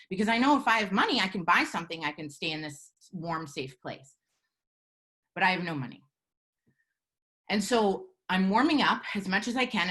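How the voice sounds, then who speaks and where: A woman telling a personal story live, in an earnest, measured way with halting pauses. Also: on the low side, pushed and bright. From Canada.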